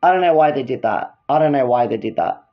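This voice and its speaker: A woman's voice: rumbling low, expressive, fast. Worked-up woman ranting, lo-fi. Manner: worked-up, repeats herself, apologizes for ranting. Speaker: fan vlogger ranking songs. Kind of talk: ranting fan commentary.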